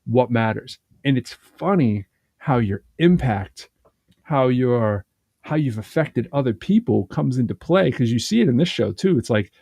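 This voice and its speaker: A man of middle pitch talks casually on a podcast, his voice warm and mellow. He rambles in an animated way, restarting sentences and leaning on fillers. The sound is dry and close. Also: unhurried, creaky, husky, dry recording. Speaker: podcast co-host. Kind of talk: casual conversational chat.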